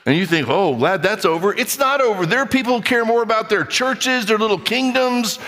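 A man preaching a sermon, reading scripture and acting out skeptics in quick, animated asides. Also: very high-pitched, in a large hall. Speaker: pastor.

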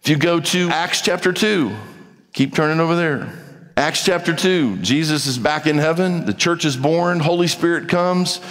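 Pastor preaching in a reverberant hall. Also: male voice, on the high side, normal speed, fairly bright tone. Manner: conversational preaching, acting out dialogues with rising emphasis. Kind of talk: sermon.

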